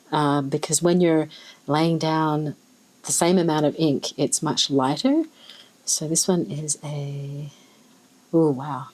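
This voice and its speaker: A woman with an Australian accent, chatting casually and thinking aloud as she swatches fountain pen inks, with soft musing exclamations. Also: low-pitched, breathy edge, low-quality recording. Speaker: ink swatching vlogger. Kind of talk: casual chat while swatching.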